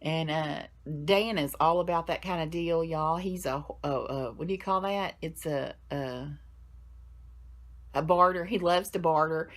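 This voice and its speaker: Low-voiced woman chatting to camera. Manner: rambling, chatty, frequent restarts and fillers. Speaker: vlogger. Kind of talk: casual chat to camera.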